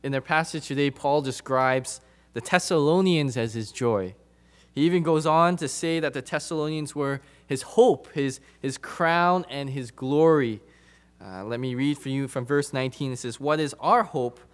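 In a sermon to his flock, a man with a mid-range voice talks at a normal speed. He stresses points by repeating phrases and alternates between loud and quiet passages with emphatic delivery.

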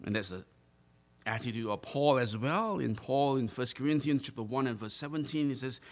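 Earnest male preacher, deliberate emphasis. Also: mid-range voice, expressive. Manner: earnest, drawn-out emphasis on key phrases; repeats and restarts words while preaching. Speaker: pastor. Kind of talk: sermon.

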